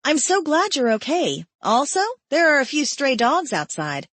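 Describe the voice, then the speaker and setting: A woman narrator voicing a bubbly, excited young woman in an audiobook, her voice high and breathless. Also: normal speed, dry recording.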